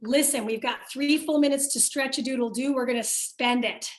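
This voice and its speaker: Woman, fitness instructor, Midwestern accent, high voice, upbeat cueing, very echoey room, far from mic. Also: fairly even intonation, normal speed. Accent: American Midwestern. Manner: upbeat, cueing and encouraging class members by name. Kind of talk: live workout class instruction.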